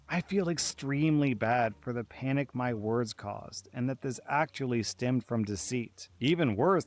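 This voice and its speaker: A man reading online stories aloud as scripted narration, steady and even with light emphasis. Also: mid-range voice.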